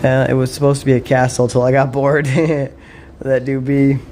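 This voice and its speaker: A man's voice: mid-range voice, little pitch movement, moderate pace, darkish tone, slight background noise. A man casually chatting while he plays, laid-back and chuckling, talking to himself and his dog. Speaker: streamer. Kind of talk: casual gameplay chat.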